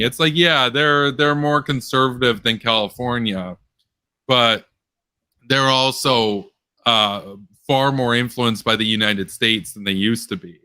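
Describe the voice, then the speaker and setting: A young man with a bright, edgy voice hosts a loose online chat, rambling and sarcastic. His pitch leaps sharply whenever something strikes him as absurd. The sound is close and dry. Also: measured pace, clean tone, no room sound. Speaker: political commentary host. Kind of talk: casual online post-show chat.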